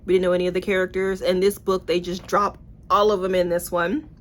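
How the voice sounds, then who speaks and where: Blunt, animated woman reviewing books. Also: fairly low pitch, a little fast. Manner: blunt, animated, swears, playful asides. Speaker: book reviewer. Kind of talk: casual book review vlog.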